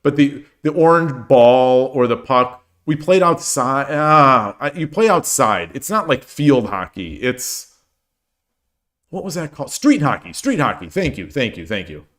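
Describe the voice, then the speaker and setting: A man's voice: medium pitch, sing-song, a little slow, a bit bright. A tired man in his forties chats casually with his stream audience. He rambles, circles back over his own words and jokes at his own expense. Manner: rambling, with frequent restarts and self-deprecating jokes. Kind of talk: casual chat while streaming games.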